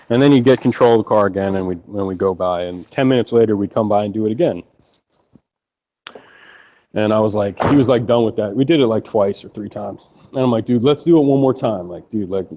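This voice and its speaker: A man from New York telling a long, rambling personal story, swearing constantly and filling pauses with filler words. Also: lowish voice, dark tone. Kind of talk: casual storytelling. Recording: muffled lo-fi with faint noise.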